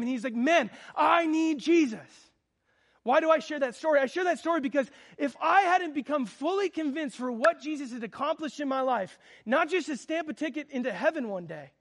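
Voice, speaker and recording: A man's voice: very high voice, fairly bright tone. A man in his thirties preaching a sermon, telling a personal story with fervent, earnest delivery. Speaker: pastor.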